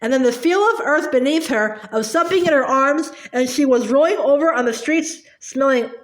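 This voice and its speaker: A woman's voice: high voice, normal speed. A woman reading a novel aloud earnestly, with stumbles and repeats. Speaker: audiobook reader. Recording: roomy echo.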